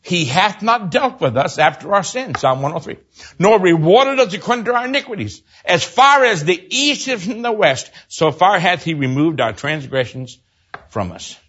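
An older man preaching a sermon, telling a personal story and swinging from loud exclaims to hushed low storytelling. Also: very animated, normal speed, breathy edge, muffled recording.

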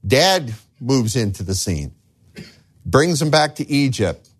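Animated preaching man with a lively voice. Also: mid-range voice, slow pace, breathy edge. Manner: animated, acts out voices of the figures he tells about. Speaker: pastor. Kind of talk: sermon.

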